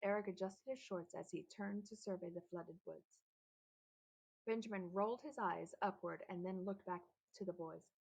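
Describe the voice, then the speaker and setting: A woman narrating a children's novel aloud, telling the story in a steady, lightly animated way. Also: on the low side, moderate pace, creaky, slightly rough, poor audio. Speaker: audiobook narrator.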